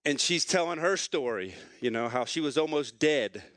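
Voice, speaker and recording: A man's voice: fairly high pitch, animated, moderate pace, a bit bright, no echo, clean studio sound. A middle-aged man, a pastor, preaching a sermon through a personal story, speaking earnestly and with emotion.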